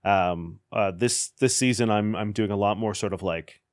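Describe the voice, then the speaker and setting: A man's voice: on the low side, normal speed. A man talking casually as a podcast guest, rambling and repeating words as he starts sentences. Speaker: podcast co-creator guest, editor. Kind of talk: casual conversation.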